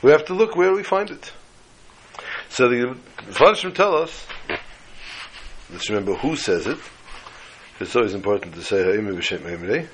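A man teaching a Torah class, telling a story and drawing slow, emphatic lessons from the text. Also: mid-range voice, very animated, a little hiss or hum, rough recording. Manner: storytelling, acting out dialogue with slow emphatic phrases.

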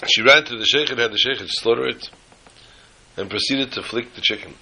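A man's voice: mid-range voice, a little fast, bright, forceful tone, husky, low-quality recording. A man telling a story in a sermon, dramatically voicing the characters.

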